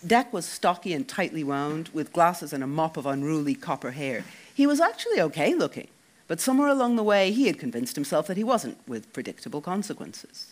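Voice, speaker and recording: A man reading a first-person novel, wry and expressive. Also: fairly high pitch, a little fast. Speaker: audiobook narrator.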